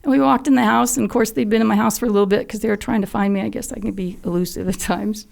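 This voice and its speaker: A woman's voice: mid-range voice, fairly even intonation, fast talker, creaky, a little mellow. An older woman telling a personal story as a podcast guest, earnest and heartfelt, at times dropping to a near whisper. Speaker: podcast guest, mother of a fallen SEAL.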